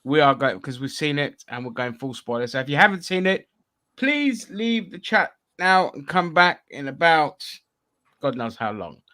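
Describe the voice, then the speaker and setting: A man's voice: on the high side, sing-song, normal speed, sharp tone. Sweary man hosting a podcast. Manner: loose, sweary, many restarts and fillers. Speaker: podcast host. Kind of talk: casual chat.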